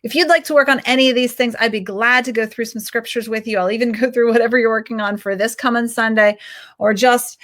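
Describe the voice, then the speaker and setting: A young woman tutoring public speaking, talking straight to the listener and swinging her pitch up and down to show inflection. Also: fairly even intonation, fast, a bit bright. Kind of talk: instructional talk to camera.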